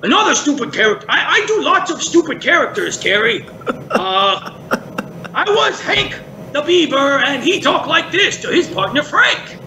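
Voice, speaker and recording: Man playing a dopey puppet-show beaver, high goofy voice, bright edge. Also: big pitch swings, normal speed, a little hiss or hum, full character voice. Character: dopey cheerful male cartoon beaver. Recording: roomy echo.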